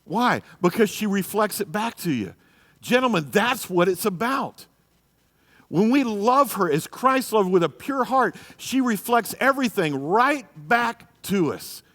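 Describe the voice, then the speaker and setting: Here the same kind of church lesson comes from a man with a high, sing-song voice that runs a little slow and sounds fairly bright. He's a pastor teaching a marriage class, pressing his points hard and asking rhetorical questions, captured in a reverberant church hall.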